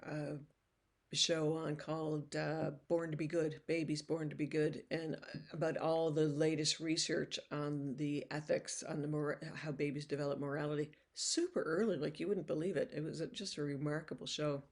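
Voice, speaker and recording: A woman's voice: deep voice, flat delivery, moderate pace, a little mellow. An older woman giving a recorded lecture in a casual, conversational way, often restarting phrases and slipping in "you know.". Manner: acts out toddlers' voices when quoting them.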